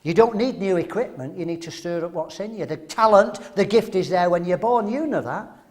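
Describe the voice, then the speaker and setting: A man's voice: sits high, moderate pace, a little mellow. An older man from England preaching a sermon, emphatic and full of rhetorical questions.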